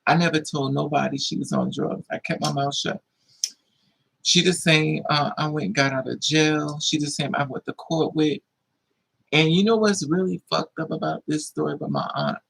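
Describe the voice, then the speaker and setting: A man with a husky, gravelly voice that sits a little high tells a personal story to his live viewers. He talks casually and bluntly, swears freely and speaks with a lot of feeling. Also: fairly even intonation, moderate pace, a bit bright, low-quality recording. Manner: blunt, profane, emotional storytelling. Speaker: livestream host.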